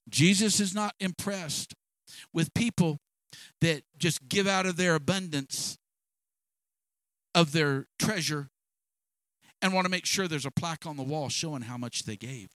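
A man preaching a sermon, impassioned and repetitive, building up to shouts. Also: fairly high pitch, no echo, poor audio.

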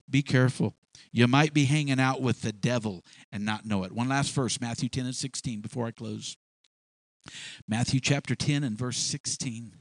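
A man preaching a sermon as pastor, animated and folksy, acting out animals as he makes his points. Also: mid-range voice, moderate pace, dry recording. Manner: animated preaching with sound effects.

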